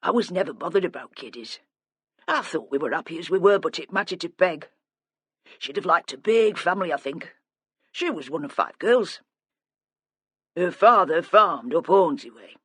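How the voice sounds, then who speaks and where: A subdued, plain-spoken older father, as a narrator voices him, weighed down by guilt and pausing as he remembers. The voice sits lower and softer than the narration, close and dry. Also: expressive, slightly rough, dry recording. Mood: reminiscing. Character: grieving older father, quiet and guilt-ridden.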